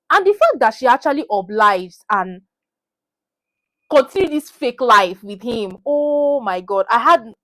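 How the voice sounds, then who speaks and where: Speaking to her phone camera, this young vlogger with a Nigerian accent delivers an animated, heated rant about a movie, saying lines again to drive them home. The pitch is middling and the tone fairly bright.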